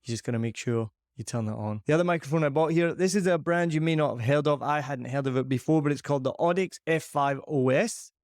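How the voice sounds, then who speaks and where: A man's voice: on the high side, fast talker, hardly any pauses, a little mellow, dry recording, clean studio sound. A Scottish man hosting a podcast, chatting casually and upbeat as he reviews a microphone, recorded on a dynamic mic in a large living room. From Scotland. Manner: upbeat, chatty, self-deprecating. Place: large empty living room with shiny surfaces. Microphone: dynamic microphone on a boom arm.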